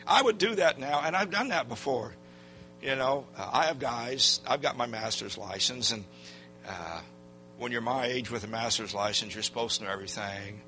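An older man preaching a sermon as a pastor, telling a personal story in a folksy, animated way and acting out what people said. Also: mid-range voice, moderate pace, soft background music.

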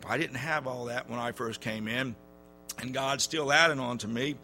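Folksy preacher guy, lots of uh's, bright voice, faint music behind. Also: mid-range voice. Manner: folksy storytelling, halting with many fillers. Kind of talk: sermon. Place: church.

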